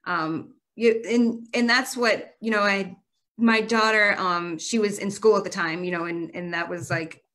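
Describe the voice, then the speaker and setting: A woman's voice: medium pitch, fairly even intonation, unhurried, fairly bright tone. A woman guest on a podcast, telling a long story in an earnest, emotional way, with run-on sentences that tumble one into the next. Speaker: guest, marathon runner.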